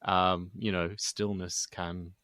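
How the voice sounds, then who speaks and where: A man's voice: deep voice, level tone, takes it slowly, fairly bright tone, clear, resonant tone, dry recording, clean studio sound. A man hosting a podcast interview, speaking thoughtfully and hesitantly, often restarting his sentences. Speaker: podcast host.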